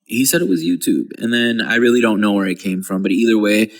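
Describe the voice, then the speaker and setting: A man's voice: fairly low pitch, fast, vocal fry, recorded from a distance. A man in his thirties, co-hosting a casual podcast chat and rambling through stories with casual swearing. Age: 30s. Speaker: podcast co-host.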